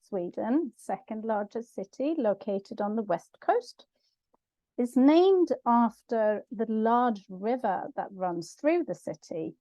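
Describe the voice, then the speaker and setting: A woman co-hosting a pronunciation lesson, explaining things in a calm, measured way. Her voice is mellow and unhurried, and the recording is close and dry. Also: medium pitch, no room sound. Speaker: co-host language teacher.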